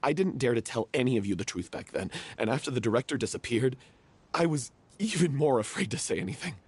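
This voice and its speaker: A guilt-ridden young man in a theatre troupe confesses and pleads with deep remorse. His voice is husky, mid-pitched, and swings widely in pitch. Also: animated, fast talker. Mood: somber. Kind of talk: video game voice acting.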